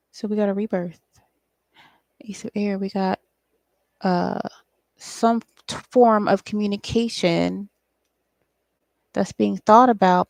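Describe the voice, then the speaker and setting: A woman's voice: mid-range voice, creaky, a little mellow, no room sound. A woman giving a casual solo tarot reading, thinking aloud in a loose, profane way with frequent ums. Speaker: tarot reader and psychic channeler.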